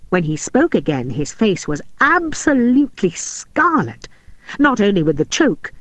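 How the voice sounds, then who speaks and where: Woman audiobook narrator, animated, dry studio sound. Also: medium pitch, dry recording. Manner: expressive and animated reading. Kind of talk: storybook narration.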